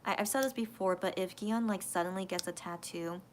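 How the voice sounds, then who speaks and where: A woman's voice: medium pitch, fairly quick, darkish tone, slight background noise. A woman hosting a casual late-night livestream, reading viewer comments and thinking aloud hesitantly with many restarts. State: emotional, voice cracking near tears.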